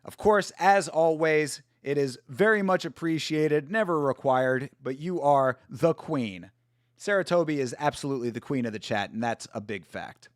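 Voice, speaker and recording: A man's voice: a little high, normal speed, no echo, studio quality. A man hosting a casual live stream, chatting with viewers, laughing often and apologizing for it. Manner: laughs a lot and keeps apologizing. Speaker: livestream host.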